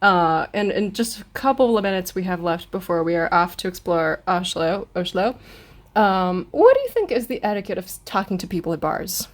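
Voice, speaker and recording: A woman co-hosting a podcast, telling a travel story in a casual, animated way and laughing often. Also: fairly low pitch, moderate pace. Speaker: podcast co-host. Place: hotel room.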